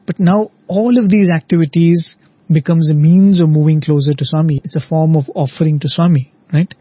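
Husky-voiced man giving a devotional talk. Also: fairly high pitch, steady tone, normal speed, warm tone, dry recording. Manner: reflective, explains with stories and rhetorical "right?". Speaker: devotional speaker. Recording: dull lo-fi recording.

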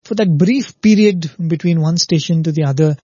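A man speaks earnestly in a spiritual talk, telling a parable and often checking in with his listeners. His voice sits a little high, with a mellow, slightly husky tone. The recording is dry and dull. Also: normal speed, dry recording. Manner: earnest, repeats "very, very" and asks "right?".

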